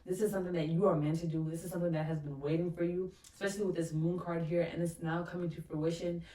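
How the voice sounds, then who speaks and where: A woman's voice: on the low side, level tone, fast, dark tone. A woman giving a pick-a-card tarot reading, enthusiastic and reeling off lists of card keywords. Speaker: tarot reader. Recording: echoey room, voice distant from mic.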